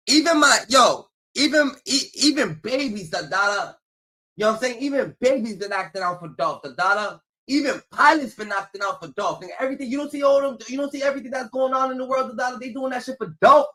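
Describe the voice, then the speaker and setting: A man with a high-pitched voice rants with big energy, jumping from loud bursts to low muttering. He keeps repeating his catchphrase in a loose, comedic streaming style. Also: low-quality recording. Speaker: commentary streamer.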